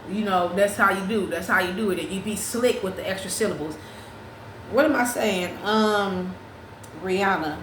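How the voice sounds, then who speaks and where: Animated woman chatting in an echoey room. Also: a little high, a little hiss or hum. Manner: animated, profane, restarts and breaks into sung snippets. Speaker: podcast host. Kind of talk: casual chat. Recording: roomy echo with faint ambience.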